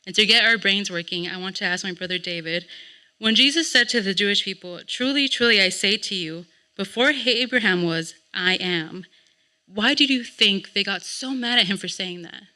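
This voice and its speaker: A woman leads a church Bible lesson in an earnest, searching way, pressing the class with question after question. Her voice is strikingly bright and cutting. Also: mid-range voice, moderate pace. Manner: earnest, poses rhetorical questions. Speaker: Sabbath school teacher.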